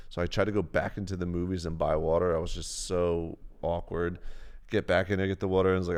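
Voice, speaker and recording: A man's voice: deep voice, steady tone, a little fast, smooth. A young man on a live stream, casually telling a rambling, profane story. He often acts out what people said in a raised voice.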